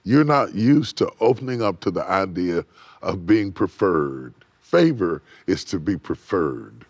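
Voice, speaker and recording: A middle-aged man preaching on a TV talk show, rising to loud emphatic peaks and dropping to near whispers, repeating his phrases. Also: low-pitched, lively intonation, a little slow, dry recording. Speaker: bishop and guest preacher. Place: TV studio set.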